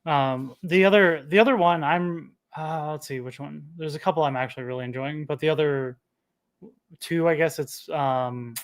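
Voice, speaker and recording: A man's voice: on the high side, moderate pace. A man co-hosting a casual chat, laughing often and hesitating while he tries to recall things.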